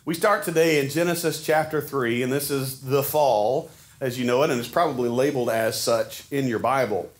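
A man's voice: medium pitch, normal speed. A man, preaching a sermon to his church in a folksy, conversational way with frequent restarts. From Arkansas. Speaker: pastor. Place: church sanctuary.

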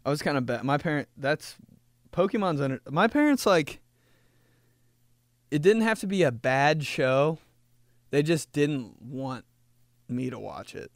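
Man, podcast host, casual comedic chat, rambling, lively intonation, dry close sound. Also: fairly high pitch, measured pace, long pauses, no room sound. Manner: rambling, jokey, animated storytelling.

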